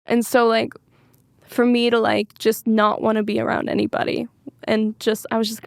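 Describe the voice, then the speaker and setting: A woman's voice: a little high, flat delivery, moderate pace, vocal fry, dry recording, studio quality. A woman singer-songwriter speaking openly as a podcast guest, rambling and full of filler words. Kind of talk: candid podcast interview.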